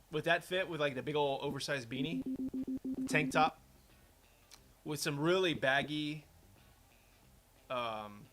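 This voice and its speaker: A man, a game developer, chatting casually and rambling as he plays his own game, often interrupting himself. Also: on the high side. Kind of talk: casual gameplay commentary.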